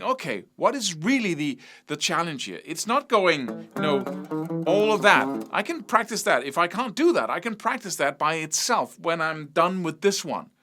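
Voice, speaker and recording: A man gives a guitar lesson in a bright, fairly high voice that rises and falls a lot. He talks in a loose, conversational way, restarting sentences and sounding out rhythms with syllables. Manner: demonstrates picking rhythms by singing syllables; conversational, repeats himself and restarts. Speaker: guitar teacher.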